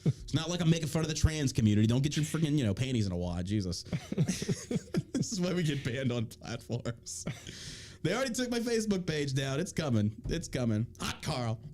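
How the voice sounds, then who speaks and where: A male podcast host with a lively voice that swings up and down in pitch. He reads articles aloud and mocks them with crude, profane jokes in a loose, casual chat. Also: quick pace.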